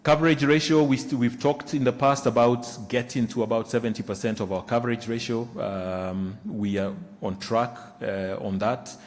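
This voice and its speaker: A man presenting bank financial results, speaking haltingly with many fillers and restarts, in a conference room. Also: mid-range voice, fairly even intonation, big-room sound.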